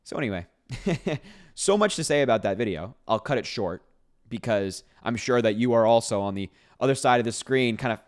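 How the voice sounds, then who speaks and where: A man's voice: medium pitch, animated, moderate pace. A man giving casual political commentary to camera, sarcastic and incredulous as he reacts to posts, breaking into laughs between points.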